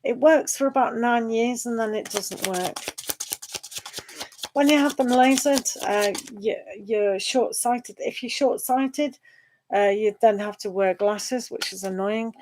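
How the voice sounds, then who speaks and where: A woman's voice: fairly high pitch, unhurried, noisy background. A woman chatting on a live tarot stream, reading viewer questions aloud. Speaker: tarot reader.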